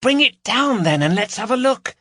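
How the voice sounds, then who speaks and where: A man's voice: extremely high pitch, big pitch swings, normal speed, pushed and bright, dry recording, clean studio sound, voice pushed up, exaggerated voice. A man voicing a nervous, scolding woman burglar. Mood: anxious, scolding.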